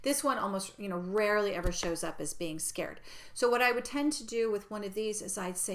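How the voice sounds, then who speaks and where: Woman, personal growth teacher; calm, reassuring teaching talk, at times hushed almost to a whisper. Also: medium pitch, fairly quick. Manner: gentle, reassuring, drops into soft near-whispers.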